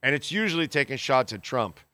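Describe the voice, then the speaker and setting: Very animated and sharp-toned, a podcast host with a medium-pitched voice reads listener comments with no room sound around him. He reacts bluntly and in exasperation, swearing freely, haltingly restarting his sentences, and using lots of fillers.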